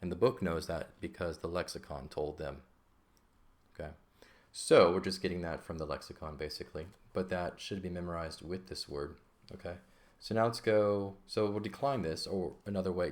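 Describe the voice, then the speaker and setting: A man teaching an ancient Greek lesson in a patient, casual way, often checking in with "okay?". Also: low-pitched. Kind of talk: casual lesson explaining grammar.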